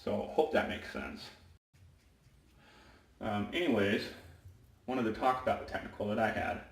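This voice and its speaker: A man who works as a high school basketball referee, telling stories casually in a rambling way and often correcting himself. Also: measured pace, creaky, far from the mic. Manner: rambling, self-correcting, with many fillers. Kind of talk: casual storytelling vlog. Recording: roomy echo, away from the mic.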